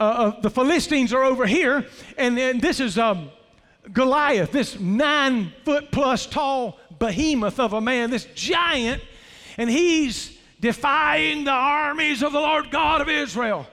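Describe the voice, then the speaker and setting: A man preaching an animated, folksy sermon, telling the story with loud outbursts. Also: extremely high pitch. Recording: reverberant hall.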